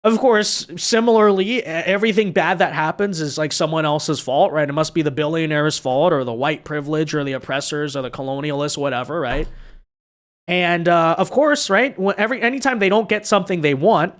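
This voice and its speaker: Male commentary host with a high voice, tired and mocking, runs a sarcastic solo rant. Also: fairly quick. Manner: sarcastic, mocking, tags lines with "right?". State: weary. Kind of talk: opinion commentary monologue.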